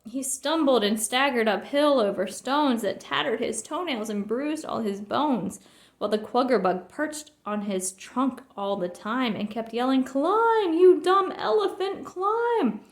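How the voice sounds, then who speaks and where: A woman reading a rhyming picture book aloud in a lively, expressive storytelling manner. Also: a little high, a little slow. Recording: roomy echo.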